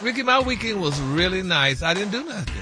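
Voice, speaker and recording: A man's voice: sits high, very animated, fairly quick, music in the background. A man on a radio morning show who chats casually, laughs often and stumbles through spelling a word. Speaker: regular segment host on a radio morning show.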